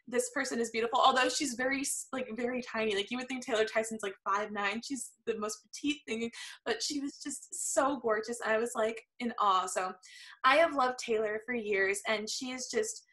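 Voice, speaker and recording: A woman's voice: on the high side, moderate pace, pushed and bright, low-quality recording. A teenage woman from Florida hosting an interview chat, gushing and chatty with lots of fillers. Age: teens. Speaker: podcast host.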